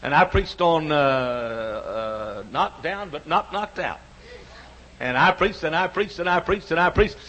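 A man in his sixties preaching a sermon, building repeated phrases up into shouts. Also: fairly high pitch, expressive, a little slow, a little hiss or hum. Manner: rhythmic repetition, rising to shouts. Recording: dull lo-fi sound.

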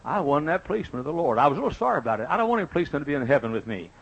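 An older man preaches with a husky, breathy edge to a voice that sits high for a man. He swings between fervent, shouted exhortation and quiet, homely storytelling, and tosses folksy jokes to his congregation. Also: very animated, racing, dull audio. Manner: folksy, joking asides to the congregation. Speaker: pastor. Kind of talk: sermon.

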